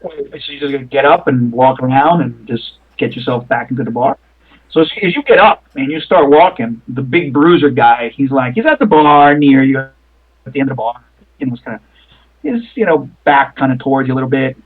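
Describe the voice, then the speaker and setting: Man, game master, husky, rambling, phone-like sound. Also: medium pitch, a little fast. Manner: rambling, many fillers, swearing. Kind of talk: narrating a tabletop game. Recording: tinny phone-like line.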